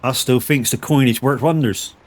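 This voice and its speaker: A man's voice: mid-range voice, normal speed. Swearing man streaming a game. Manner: rambling, swears freely, anecdotal. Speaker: gaming streamer. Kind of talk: casual chat while playing a farming game.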